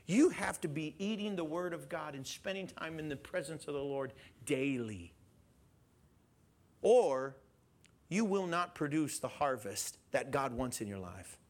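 A man preaching a sermon in an animated way, questioning his listeners and chuckling as he goes. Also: a little high, unhurried. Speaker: pastor.

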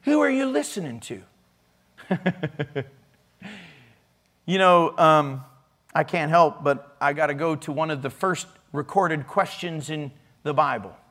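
Guy preaching in church, pretty high voice, laid back and jokey, jumps way up and down when he gets going. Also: takes it slowly, long pauses. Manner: casual, joking preaching with frequent laughs; animated swings in pitch and loudness. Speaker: pastor. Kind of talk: sermon.

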